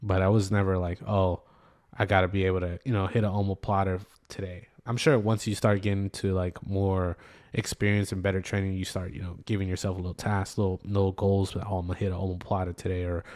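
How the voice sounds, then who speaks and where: A laid-back man talks in casual podcast chat. His voice sits a little low, and he rambles along with plenty of fillers and trailing thoughts. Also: level tone, quick pace, darkish tone. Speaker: podcast co-host.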